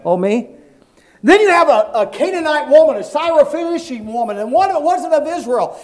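A pastor preaching an animated sermon, acting out Bible stories and calling for amens from the congregation. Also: male voice, very high voice, moderate pace.

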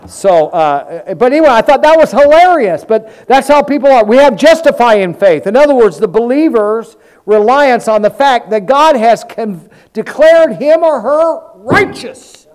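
A male pastor with a very high-pitched voice preaches an animated sermon at a measured pace, acting out Bible stories and calling on the congregation for amens.

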